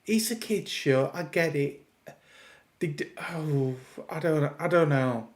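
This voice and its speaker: Male reviewer, slightly high voice, slow exasperated ranting delivery with restarts. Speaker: video reviewer. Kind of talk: casual reaction review.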